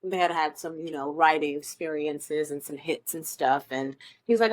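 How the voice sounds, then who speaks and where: A woman from Omaha, Nebraska, a Broadway performer, speaks in a deep voice at a normal speed. As an interview guest she tells stories in a chatty, enthusiastic way, saying "um" a lot, in a casual interview chat.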